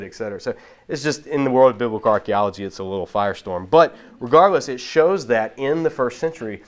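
A man with a fairly low voice gives a casual Bible lesson. He explains things at length and doubles back on his words as he thinks. The delivery is conversational rather than preached. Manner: explanatory, with frequent restarts and repeated words. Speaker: Bible teacher. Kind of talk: casual teaching talk.

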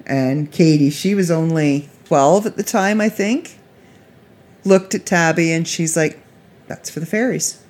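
A woman's voice: low-pitched, unhurried, a little mellow. A middle-aged woman telling a long, rambling personal story in a chatty, casual way, with frequent restarts.

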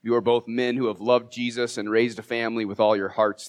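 A man's voice: mid-range voice, little pitch movement, a little fast. Man preaching a heartfelt sermon. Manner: emotional, heartfelt, self-deprecating humor. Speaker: pastor. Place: church sanctuary.

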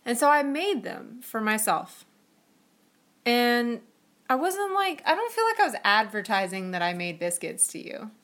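A woman's voice: fairly high pitch, big pitch swings, measured pace, a bit bright. A woman co-hosting a podcast, telling a story in a chatty way, with lots of fillers and giggles. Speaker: podcast co-host. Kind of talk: casual storytelling chat.

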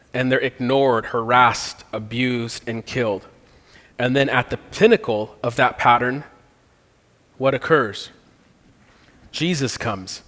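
A man's voice: medium pitch, a bit bright. A man preaching a sermon and leading communion and prayer in an earnest, conversational way with casual slang. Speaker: pastor. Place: church sanctuary. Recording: long hall reverb.

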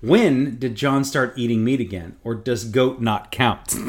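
A man's voice: medium pitch, slow pace. A man co-hosting a podcast, joking and hesitant with many ums in casual chat. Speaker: podcast co-host.

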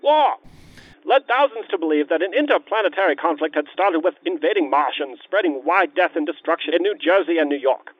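A brisk, declaiming 1930s newsreel announcer, as a man puts him on, pitched high above an everyday speaking voice. The sound is thin and tinny, like an old phone line. Each phrase is clipped and dramatic. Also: expressive, no echo. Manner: clipped, declaiming newspaper headlines.

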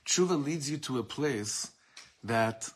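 A man's voice: mid-range voice, expressive, slow pace, a little hiss or hum. A man teaching a Torah class to a room of students, talking it through with many restarts and quoting Hebrew texts. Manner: warm, searching delivery with many restarts and Hebrew quotes.

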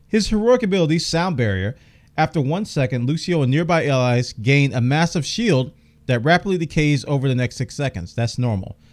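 Lively man hosting gaming news. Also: medium pitch, fairly quick. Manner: enthusiastic, chatty, reads out game details. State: losing his voice, coughing. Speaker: gaming news podcast host. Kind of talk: casual news commentary.

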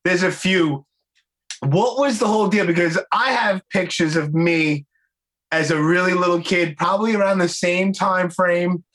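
A man's voice: high voice, normal speed, a bit bright. A man in his forties hosting a podcast, blunt and profane, laughing easily and calling his guest "bro.". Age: 40s. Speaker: podcast host. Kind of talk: casual chat.

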